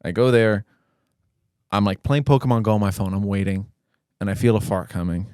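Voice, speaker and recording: Young male podcast host, low voice, casual profane storyteller, dry booth sound. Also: brisk, a little mellow, clean tone, no echo. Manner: rambling, profane, self-mocking anecdotes.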